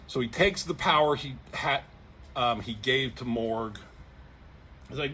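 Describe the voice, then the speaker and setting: A man's voice: medium pitch, measured pace, long pauses, pushed and bright, slight background noise. Swearing, rambling comic reviewer man. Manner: rambling, swears often, many fillers. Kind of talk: casual retelling of a comic.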